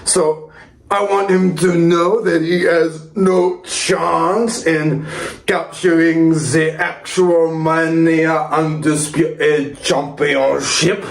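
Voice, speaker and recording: A man's voice: fairly high pitch, level tone, extremely slow, vocal fry, full character voice. A man putting on a pompous fake-French wrestler. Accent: exaggerated fake French accent. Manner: stiff, formal and overblown. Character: masked male wrestler on the run, pompous. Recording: echoey room.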